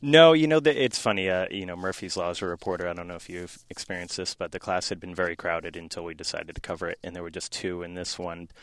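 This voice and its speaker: A deep-voiced man from South Boston, interviewed on the radio about a news story he reported. He talks in a relaxed, conversational way, often pausing with fillers. The studio sound is dry and close. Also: dry recording. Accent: faint Boston, mostly neutral American. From South Boston, USA. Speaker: newspaper reporter, guest.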